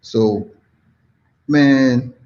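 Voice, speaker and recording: A man from the United States tells a story casually, full of slang and "you know what I mean." His voice is dark and mellow. The audio is dull and lo-fi. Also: medium pitch, very slow. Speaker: guest.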